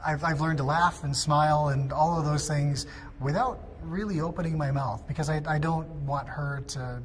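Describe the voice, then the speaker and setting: A man, a parent, giving a hesitant, halting personal testimonial. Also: fairly high pitch, slight background noise. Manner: hesitant, halting, soft-spoken.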